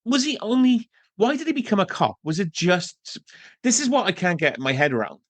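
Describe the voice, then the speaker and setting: A man's voice: high-pitched, big pitch swings, normal speed, no echo. A man co-hosting a podcast, chatting casually about a film and building his points with asides. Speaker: podcast co-host. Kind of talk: casual film review chat.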